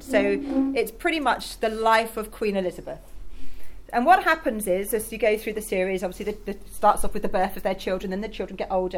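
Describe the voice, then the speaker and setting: A woman preaching a sermon in a conversational, enthusiastic way, speaking directly to her congregation. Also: mid-range voice. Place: church in Rotterdam.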